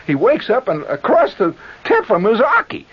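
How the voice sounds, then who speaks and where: A man spins a radio story in a high, animated voice full of swings, tossing in sound effects and voices. The audio is a dull, lo-fi 1970s radio broadcast with music running behind him. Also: moderate pace, slightly rough. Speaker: radio monologist. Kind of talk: storytelling monologue.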